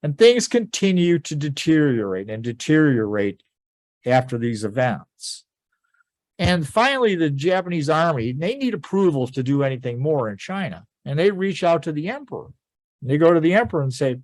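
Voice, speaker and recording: A man teaching a history class, telling events as a lively story and quoting people in a casual voice. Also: a little high, normal speed, no echo. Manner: animated storytelling, quoting figures in plain conversational voice. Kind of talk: informal history lecture.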